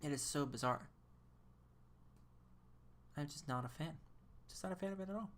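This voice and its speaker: A woman's voice: low voice, moderate pace, slight background noise. A woman streaming a game, chatting casually in a rambling, incredulous way and laughing often. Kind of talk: casual live-stream chat.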